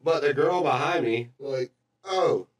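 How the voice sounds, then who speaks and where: A man's voice: fairly low pitch, lively intonation, moderate pace. A man in his twenties, a bar manager guest on a podcast, chatting in an easygoing, profane way and slipping into mocking voices. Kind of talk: casual chat.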